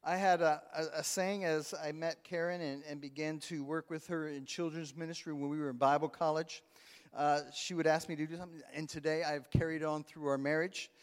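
A man's voice: a little high, fairly even intonation, brisk, smooth. A middle-aged male pastor preaching a sermon, calling out to the congregation with rising emphasis and amens. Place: church sanctuary. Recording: long hall reverb.

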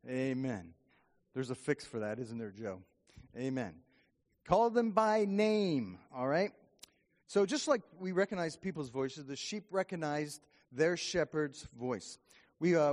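A man's voice: on the high side, darkish tone. A man preaching a sermon as pastor, in a folksy, conversational way, often checking in with the congregation. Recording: long hall reverb.

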